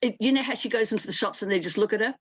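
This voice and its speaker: A woman's voice: on the high side, very fast, husky, no echo. Chatty older woman telling stories. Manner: chatty, lively storyteller with many restarts. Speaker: guest, costume designer. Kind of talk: storytelling in a casual interview.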